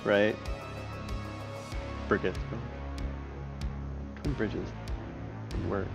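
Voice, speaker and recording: A man's voice: lowish voice, fairly even intonation, very slow, creaky. A man chatting casually and thinking aloud while he works, with plenty of fillers and swearing. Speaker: map-building streamer. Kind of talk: casual chat while working. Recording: muffled audio with faint music.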